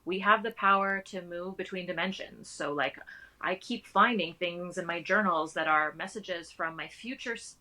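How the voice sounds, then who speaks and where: A woman with a bright, forceful tone and a somewhat low pitch talks earnestly about spiritual ideas on a podcast. She laughs often and trips over her words as she restarts. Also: moderate pace, poor audio. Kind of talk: casual podcast conversation.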